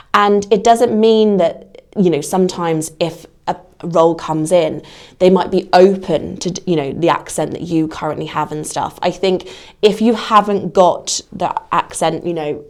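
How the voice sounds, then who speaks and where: A woman with a low-sitting, darkish voice appears as a guest on a podcast, advising on careers as a casting platform adviser. She speaks conversationally, saying "you know" a lot.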